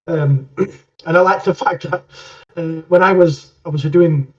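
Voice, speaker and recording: Soft hesitant guy, lots of ums, muffled far-off mic. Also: fairly high pitch, steady tone, measured pace. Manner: soft, hesitant, many fillers. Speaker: player. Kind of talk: casual chat. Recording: distant, dull lo-fi mic.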